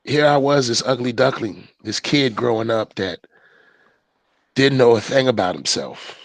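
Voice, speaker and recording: Man, podcast guest, casual storytelling, animated, slangy, "you know" tags, mid-pitched, dry close sound. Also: unhurried, no echo. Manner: animated, slangy storyteller who jumps into loud excited quotes.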